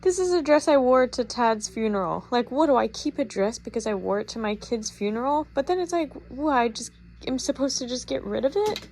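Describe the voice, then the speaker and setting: A woman's voice: on the high side, expressive, fairly quick, darkish tone, a little hiss or hum. A woman vlogging at home as she sorts through her belongings, talking in a rambling, heartfelt way with many fillers. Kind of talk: casual personal vlog. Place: home while sorting belongings.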